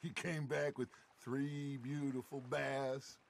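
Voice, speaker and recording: An actor playing a charismatic male outlaw gang leader with a gravelly, theatrical way of talking. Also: medium pitch, flat delivery, slow pace, slight background noise. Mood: reminiscing.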